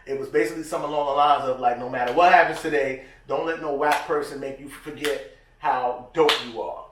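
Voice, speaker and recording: A man's voice: medium pitch, fairly quick, slight background noise. A man co-hosting a podcast, chatting casually in slang and acting out the quotes in his stories. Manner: animated storyteller, slangy, acts out quotes. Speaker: podcast co-host. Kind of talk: casual chat. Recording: echoey room, distant mic.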